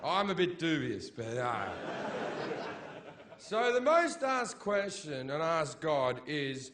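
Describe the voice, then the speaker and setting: A man doing a stand-up routine before a live audience, profane and mocking, building up to shouted rants. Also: a little high, sing-song, slow pace, slight background noise. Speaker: stand-up comedian.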